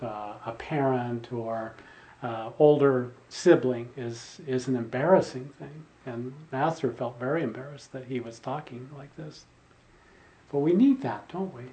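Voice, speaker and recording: A man's voice: medium pitch, warm tone. An older man, a spiritual teacher, giving an earnest sermon and repeating key phrases for emphasis.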